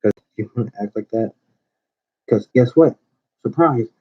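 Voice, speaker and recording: Male, mid pitch, channel owner, confrontational and rambling, muffled lo-fi sound. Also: unhurried, slightly rough. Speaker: owner of a small wrestling channel. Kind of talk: call-out video rant. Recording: dull lo-fi recording.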